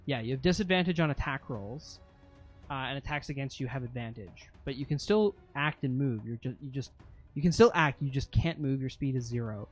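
A man's voice: medium pitch, lively intonation, a little fast, soft background music. A man running a tabletop game as game master, narrating monster actions vividly and explaining rules, with frequent fillers.

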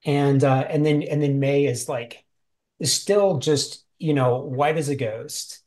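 Slow-talking guy running a tabletop game, mellow, lots of um and like. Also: medium pitch. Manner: halting, full of fillers and restarts. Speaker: game master.

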